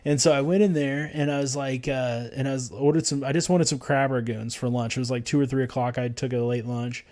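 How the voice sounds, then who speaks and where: A man's voice: mid-range voice, steady tone, fairly quick, few pauses, a little mellow. Rambling casual man on a podcast. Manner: rambling, lots of fillers and restarts. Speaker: podcast co-host. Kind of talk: casual chat.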